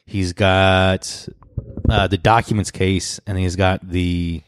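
A man's voice: sits low, little pitch movement, slow pace, smooth, dry recording, clean studio sound. A man co-hosting a podcast, chatting loosely with a friend, swearing and laughing often. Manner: loose, laughing, profane banter with bursts of mock shouting. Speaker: podcast co-host. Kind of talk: casual chat.

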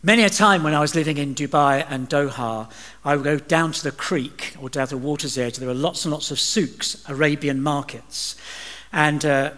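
English preacher in a reverberant church. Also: male voice, on the high side, normal speed, a bit bright. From England. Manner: chatty, joking asides between readings. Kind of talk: sermon with scripture reading. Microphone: livestream recording.

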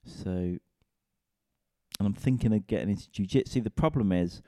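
A man's voice: fairly low pitch, moderate pace, dark tone, dry recording, studio quality. A man, a comedian and podcast host, rambling in a casual, sweary, self-mocking solo rant.

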